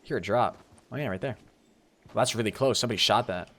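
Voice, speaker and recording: A young man streaming a video game live, chatting casually and excitedly while thanking viewers. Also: on the low side, fast, a little hiss or hum. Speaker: streamer host. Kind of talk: live gameplay commentary.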